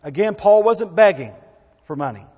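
Folksy preacher in a reverberant hall. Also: male voice, high voice, lively intonation, moderate pace, darkish tone, husky. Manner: conversational, folksy preaching with asides and repetitions. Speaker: pastor. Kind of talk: sermon.

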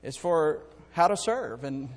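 A high-pitched man preaching a sermon in a church hall with a long reverb, rising from quiet asides to loud, climbing calls. He restarts his sentences and jokes with the congregation, and the room rings out behind each phrase. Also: lively intonation, unhurried. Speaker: pastor. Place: church sanctuary.

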